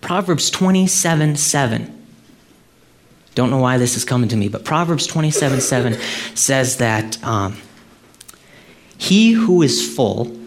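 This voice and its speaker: A man's voice: on the low side, a little hiss or hum. A middle-aged male pastor preaching in a conversational way, full of rhetorical questions and "okay?" checks, climbing to emphatic peaks. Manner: frequent restarts and checks like "okay?" and "right?". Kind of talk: sermon.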